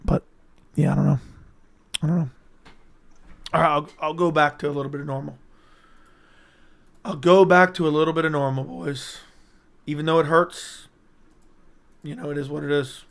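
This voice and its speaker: A hoarse man hosting a livestream in casual commentary, answering chat with blunt, profane banter. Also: on the high side, fairly even intonation, moderate pace, pauses often. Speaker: livestream host.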